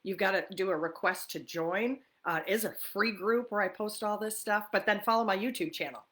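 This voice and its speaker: A woman's voice: medium pitch, brisk, a bit bright. A woman from New York hosting a casual livestream chat, chatty and greeting viewers by name. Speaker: livestream host.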